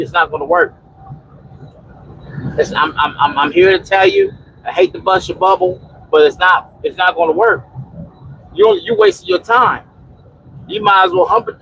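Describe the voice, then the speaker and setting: A man talks into his phone from a truck cab, his voice pitched high with a rough, gravelly edge. He preaches and repeats himself, rambling through restarts as he chats with viewers over a faint vehicle hum. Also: fairly bright tone, rough recording. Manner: preachy, repetitive exhortation; rambling with many restarts and "you know". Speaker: trucker and homesteading livestream host. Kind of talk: casual livestream talk, answering chat.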